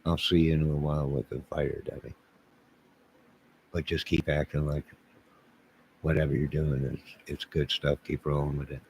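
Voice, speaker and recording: A man's voice: a bass voice, flat delivery, normal speed, vocal fry, pauses often, darkish tone, slight background noise. A man livestreaming, joking with his chat in a mock-indignant way and talking back to viewers.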